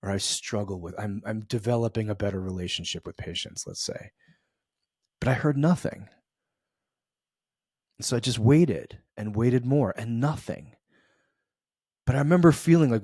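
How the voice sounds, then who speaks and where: A man's voice: fairly low pitch, lively intonation, a little slow, long pauses, a little mellow, husky, no echo, studio quality. A middle-aged man from the US East Coast hosting a podcast, telling a reflective story in a loose, conversational way with many fillers and restarts. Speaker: podcast host.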